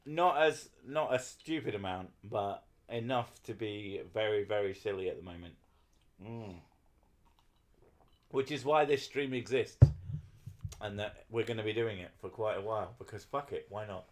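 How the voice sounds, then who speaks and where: A tipsy man streaming, chatting in a silly, laughing way and doing deadpan mock readings. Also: lowish voice, normal speed. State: a bit drunk. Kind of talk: tipsy casual stream chat.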